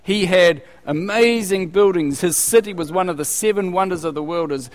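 A male preacher giving a conversational, animated sermon with acted asides. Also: sits high, normal speed, in a large hall.

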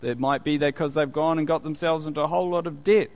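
A man's voice: a little high, fairly even intonation, fast. Conversational man preaching a sermon. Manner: conversational, with rhetorical questions.

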